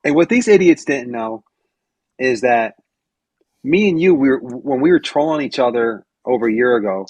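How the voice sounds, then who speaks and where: A man's voice: mid-range voice, lively intonation, moderate pace, darkish tone, breathy edge, no echo. A man on a live stream call, bantering and boasting, swearing freely.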